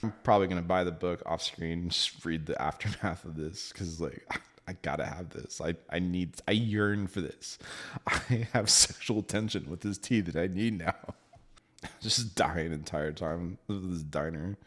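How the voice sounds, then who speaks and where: A man casually reviewing a book, animated and laughing often, with the odd swear word. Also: low voice, normal speed.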